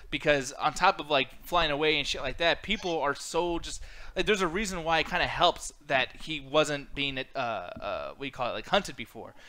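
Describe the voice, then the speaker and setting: A man in a loose late-night chat, a little higher than usual and strikingly bright and forceful. He rambles, swears freely and slips into quick put-on voices. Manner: animated, swearing, acts out quotes in funny voices. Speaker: host. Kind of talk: casual chat.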